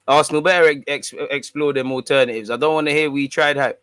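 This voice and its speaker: A man's voice: on the high side, steady tone, quick pace, hardly any pauses, fairly bright tone, clear, resonant tone, dry recording. A man hosting a fan channel, casually reading and answering viewer comments in a slangy, bantering way. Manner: slangy, laid-back, bantering.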